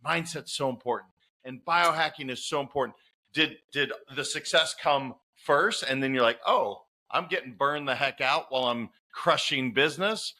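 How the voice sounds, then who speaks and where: Podcast host guy, super bright sharp voice, eager, calls the guest brother. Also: medium pitch, moderate pace. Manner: enthusiastic, addresses the guest as brother and man. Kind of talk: interviewing, casual chat.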